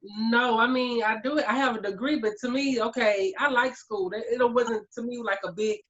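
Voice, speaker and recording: A woman's voice: a little high, normal speed, highs cut off. A woman in her forties, talking candidly and openly in a casual group chat. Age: 40s. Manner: candid, animated storyteller.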